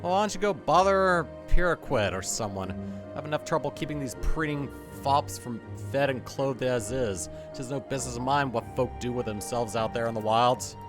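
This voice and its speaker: A man's voice: mid-range voice, moderate pace, music in the background, lightly acted. A man voicing an impatient, dismissive male camp worker in a video game, speaking curtly with old-fashioned phrasing. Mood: irritable. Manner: curt, dismissive, archaic phrasing.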